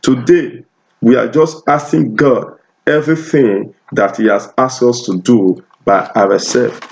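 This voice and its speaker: A man's voice: medium pitch, a little slow, creaky. A Nigerian man with a Nigerian accent preaching a sermon, emphatic and repetitive, often restarting his phrases. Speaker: pastor. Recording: dull lo-fi recording.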